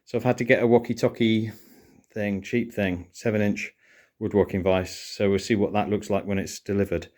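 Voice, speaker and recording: A man's voice: fairly low pitch, steady tone, moderate pace, a little mellow. A middle-aged British man vlogging, chatting casually and explaining things in detail with a playful streak.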